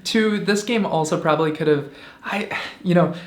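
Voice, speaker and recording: A man's voice: on the high side, normal speed, roomy sound. A man co-hosting a board game review, talking in an easygoing, enthusiastic way. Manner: enthusiastic, easygoing, laughs often. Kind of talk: casual review chat.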